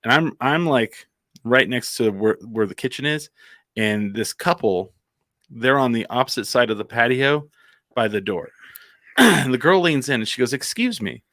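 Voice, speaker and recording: A man's voice: mid-range voice, lively intonation, moderate pace, a bit bright, dry recording, clean studio sound. A man from Albuquerque telling a casual anecdote on a comedy podcast, rambling with plenty of "like" and restarts. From Albuquerque, New Mexico.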